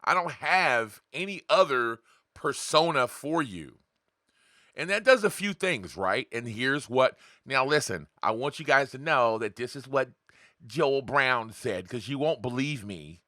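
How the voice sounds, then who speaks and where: A man's voice: mid-range voice, animated, unhurried, bright, forceful tone, no room sound, studio quality. A man hosting his own podcast in a casual, blunt, profane monologue, talking straight to his viewers with rhetorical questions. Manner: acts out voices of others in quotes. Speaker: podcast host.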